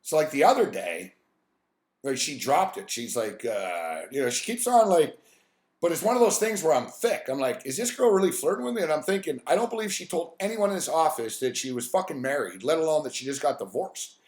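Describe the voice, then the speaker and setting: A man's voice: on the high side, a little fast, roomy sound. Profane rambling man on a live stream. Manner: profane, rambling, animated anecdote telling. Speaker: host. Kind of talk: casual storytelling on a live stream.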